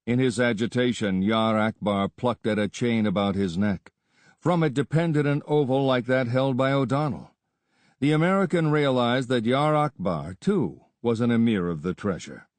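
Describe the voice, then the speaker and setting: A man narrates an adventure story in a steady, measured reading voice of middle pitch. The recording is close and dry, with no room around it. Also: dry recording. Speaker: audiobook narrator. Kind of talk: scripted narration.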